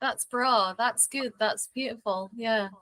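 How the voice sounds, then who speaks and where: A woman's voice: a little high, unhurried, sharp tone. A young woman with a Scottish accent, a guest explaining slang in a casual interview, often giggling. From Scotland. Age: young adult.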